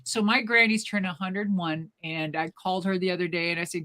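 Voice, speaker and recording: A woman co-hosting a live show, telling a rambling, animated family story in casual chat. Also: on the low side, fairly quick, few pauses. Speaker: co-host.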